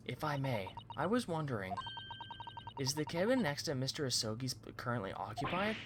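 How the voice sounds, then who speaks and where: A man's voice: medium pitch, big pitch swings, a little fast, noisy background, natural voice. Man reading a polite, nervous young student. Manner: polite, hesitant, stumbling over words.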